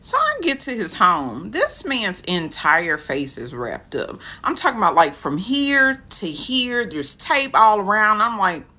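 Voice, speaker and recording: A woman telling a dating story in casual storytime style, animated and dramatic. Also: mid-range voice, measured pace, hardly any pauses. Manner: animated, dramatic retelling with quoted voices.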